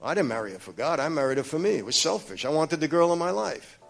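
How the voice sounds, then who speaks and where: A man with a New York accent tells his personal testimony, speaking straight to his listeners in a confiding, emphatic way. His voice sits a little high for a man, and he moves between hushed low stretches and raised, urgent ones. Faint music plays underneath. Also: sing-song, quick pace, creaky.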